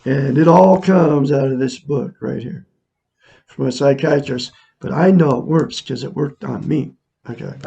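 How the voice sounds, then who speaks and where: A man's voice: on the high side, gravelly, dark tone, slightly rough, lo-fi sound. A man in his sixties earnestly talking to viewers in a casual, repetitive, preachy monologue. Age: 60s. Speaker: self-help vlogger. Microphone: camera mic, looking into a mirror.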